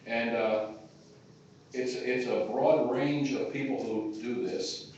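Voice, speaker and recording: Recorded on an audience member's phone from far back in an echoey hall, this man speaks slowly and steadily in a medium, slightly mellow voice. As chairman of a taxpayers' group, he rambles informally to the gathering with lots of fillers, and the audio is dull with slight background noise.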